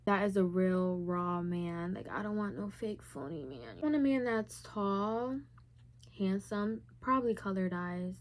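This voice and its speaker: A woman's voice: mid-range voice, unhurried. Candid chatty young woman vlogger. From Puerto Rican heritage. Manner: candid and chatty, heavy use of "like". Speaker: YouTuber. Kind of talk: casual Q&A vlog.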